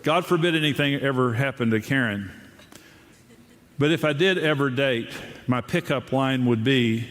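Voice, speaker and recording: A man's voice: medium pitch, moderate pace, big-room sound, noisy background. An older man as pastor, giving a sermon on marriage with humorous storytelling, his voice jumping up when he mimics others. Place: large room with a live audience.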